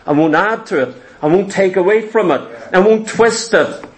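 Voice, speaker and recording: Man, very high voice, preacher, sermon, repetitive emphatic phrasing, rhetorical questions. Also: moderate pace. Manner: clears throat often.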